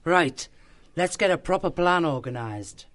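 Firm badger leader, slightly high, dry. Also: male voice, animated, unhurried, fairly bright tone, no room sound. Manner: firm and commanding. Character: commanding badger, organiser. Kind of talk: full-cast audiobook acting.

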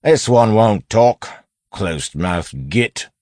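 A man voicing a sly male lawman posing as a thug, speaking low and soft with a quiet threat. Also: expressive, slow pace, dry recording. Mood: pressing.

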